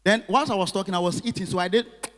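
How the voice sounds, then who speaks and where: Man, stand-up comic, animated crowd work, high voice, long hall echo. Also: fast. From Ghana. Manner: animated, chatting with the audience. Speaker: stand-up comedian. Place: live comedy venue.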